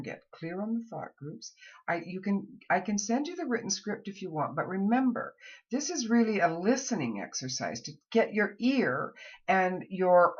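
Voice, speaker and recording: A woman teaches a pronunciation lesson, saying each drill word slowly and deliberately for listeners to repeat. Her voice is low and breathy, and her pitch rises and falls widely. The recording sounds slightly muffled and lo-fi. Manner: slow, deliberate, modeling words in rhythm. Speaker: accent and pronunciation coach.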